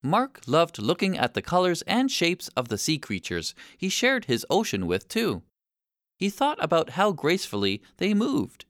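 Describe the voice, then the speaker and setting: Expressive storybook narrator, very lively pitch. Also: a little slow, no room sound, studio quality. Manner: clear, steady, expressive reading. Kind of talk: scripted children's story narration.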